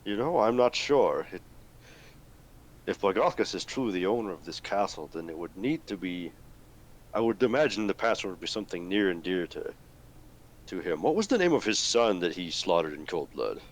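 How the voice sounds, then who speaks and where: A man's voice: low-pitched, big pitch swings. A man playing Hector, a pondering spellcaster. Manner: musing, measured in-character speech. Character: Hector, thoughtful male spellcaster adventurer.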